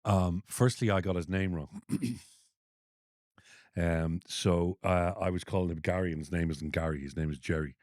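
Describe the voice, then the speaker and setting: A man's voice: steady tone, normal speed, darkish tone, no echo, clean studio sound. An older man co-hosting a podcast, telling a story in casual chat and acting out the dialogue. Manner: storytelling, acts out dialogue with rising pitch. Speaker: podcast co-host.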